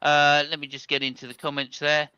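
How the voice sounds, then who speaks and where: A man's voice: a little high, completely flat delivery, fairly quick, bright, forceful tone, smooth, no echo, lo-fi sound. A man hosting a casual motorsport chat over an online call, jokey and rambling with many fillers. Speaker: podcast host.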